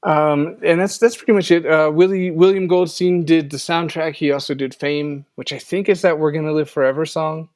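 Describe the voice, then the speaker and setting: A man's voice: a little high, fairly even intonation, normal speed, hardly any pauses, darkish tone, dry recording, studio quality. A man co-hosting a podcast in casual chat, rambling and correcting himself as he goes. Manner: rambling, self-correcting, wraps up with offhand plugs. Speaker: podcast co-host.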